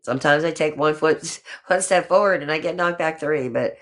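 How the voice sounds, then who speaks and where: A woman's voice: deep voice, moderate pace, a bit bright. An older woman hosting a casual livestream chat, talking affectionately to viewers and a guest, with a habit of swearing lightly. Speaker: livestream host.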